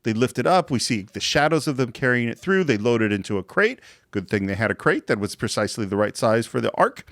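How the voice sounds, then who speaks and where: A man hosting a casual film podcast, animated, laughing and acting out scenes as he talks. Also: medium pitch, fast, few pauses, no room sound. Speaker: podcast host.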